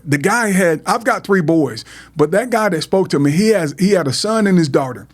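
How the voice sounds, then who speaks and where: Earnest and heartfelt, a middle-aged man hosting a podcast shares his own story in a voice a little high for a man. His intonation is lively and his pace brisk, though he often stumbles, repeats words and restarts sentences.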